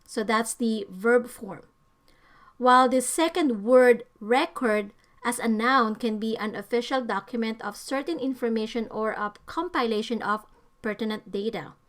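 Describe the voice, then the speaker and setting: A woman narrating a scripted English vocabulary lesson, giving careful, deliberate stress to each example word. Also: a little high. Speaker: English teacher.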